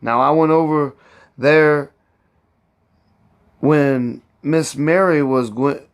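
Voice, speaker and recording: A man's voice: fairly high pitch, slow, clear, resonant tone. A man reading aloud and voicing a proud, fussy older woman cook who scolds and boasts in heavy old Southern dialect. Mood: boastful.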